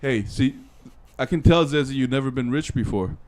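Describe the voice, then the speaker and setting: A man co-hosting a casual review chat, excitable and rambling, teasing his co-host and swearing. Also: medium pitch, moderate pace. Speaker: podcast co-host and film reviewer.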